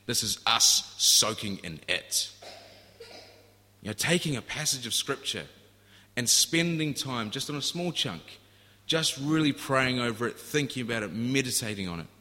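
A man's voice: medium pitch, animated, moderate pace, sharp tone. A man preaching a sermon in an earnest, storytelling way, often restarting his phrases. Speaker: pastor. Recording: echoey hall.

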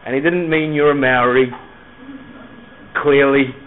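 A middle-aged Christian speaker shares his personal testimony, telling it earnestly and emphatically at a measured pace. His voice is mid-range with fairly even intonation, and the recording sounds tinny, like a phone.

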